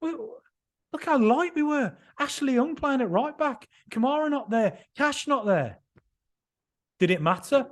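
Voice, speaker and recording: A man with a high, bright-sounding voice hosts a football podcast, reacting right after the final whistle. He talks in an excitable, emphatic rush, circling back and repeating lines as his enthusiasm runs away with him. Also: moderate pace. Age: 30s or older. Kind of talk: excited post-match reaction.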